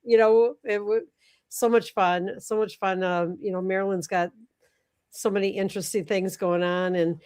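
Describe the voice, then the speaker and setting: Halting woman host on a call. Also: medium pitch, steady tone, a little mellow, clean tone. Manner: halting, full of ums and restarts. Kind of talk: casual live chat.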